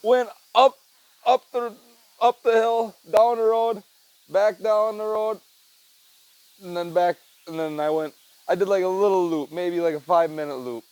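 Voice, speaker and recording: A man with a high, slightly mellow voice takes his time hosting a casual solo podcast over a headset mic. He's tired and easygoing, rambling along with swearing and frequent "man" and "dude." The recording is dry, with poor audio.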